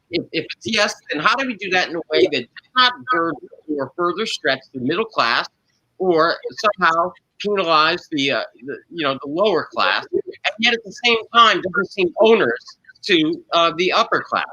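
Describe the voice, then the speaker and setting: A man's voice: fairly high pitch, big pitch swings, normal speed, sharp tone, no echo, muffled recording. A man hosting a panel discussion, probing the guests and restating their positions. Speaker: panel show host.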